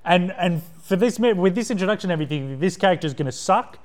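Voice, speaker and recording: A man's voice: high-pitched, animated, quick pace. A man guesting on a film podcast, rambling with enthusiasm and giggling often in casual chat.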